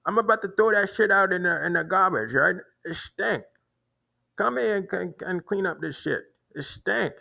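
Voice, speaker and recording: A man putting on a rude, loud man who shouts crude complaints at a security guard. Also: high-pitched, expressive, moderate pace, creaky, pitched above the performer's own voice, exaggerated voice. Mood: yelling, irritated.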